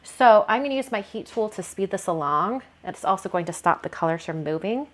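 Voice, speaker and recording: A woman's voice: medium pitch, expressive, fairly quick. A woman hosting a card-making video, talking casually through her painting steps and thinking aloud with frequent fillers. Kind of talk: casual craft tutorial narration.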